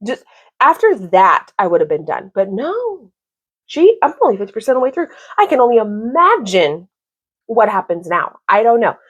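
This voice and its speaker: Animated woman ranting about a book. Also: a little high, moderate pace, dull audio. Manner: animated, exasperated, lots of "like". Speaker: book vlogger. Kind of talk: casual book review rant.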